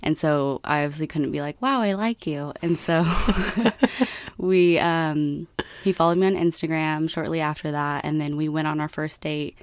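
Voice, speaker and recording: A young American woman in casual chat, telling a story with lots of laughter and animated quoting. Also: low voice, measured pace, smooth. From United States. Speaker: co-host.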